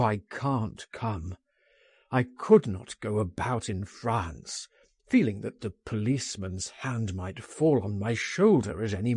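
A man's voice: mid-range voice, a little mellow, slightly rough, no room sound, studio quality, heavily acted. A man voicing a frightened, despairing man who groans and pleads as if trapped. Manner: anguished, groaning.

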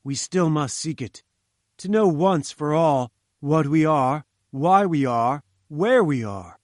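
A man's voice: on the high side, lively intonation, slow pace, no echo, studio quality. A man voicing a domineering older male scientist, speaking in a commanding, dismissive and grandly emphatic way. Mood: angry, lofty. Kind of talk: audiobook character reading.

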